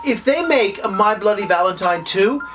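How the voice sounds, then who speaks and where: A man's voice: sits high, expressive, moderate pace, over music. A man co-hosting a podcast in casual chat, arguing his points in an emphatic, dry way. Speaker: podcast co-host.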